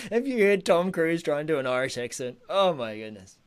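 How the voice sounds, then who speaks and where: A man's voice: a little high, clean tone, no echo. A man co-hosting a tech podcast, chatty and joking in casual talk. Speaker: podcast co-host.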